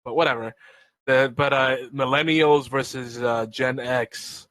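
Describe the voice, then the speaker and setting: A man's voice: mid-range voice, steady tone, unhurried, a bit bright, dry recording. A man co-hosting a podcast, giving wry, amused commentary in casual chat. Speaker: podcast co-host.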